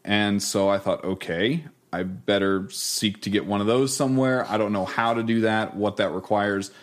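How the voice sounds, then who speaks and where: A young man answering interview questions in a calm, measured way. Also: lowish voice. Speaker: guest. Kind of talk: casual interview talk.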